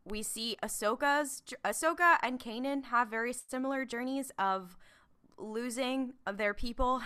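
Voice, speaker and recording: A woman's voice: medium pitch, sharp tone, smooth. A woman co-hosting a podcast in casual chat, rambling with many fillers and laughing as she talks. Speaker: podcast co-host.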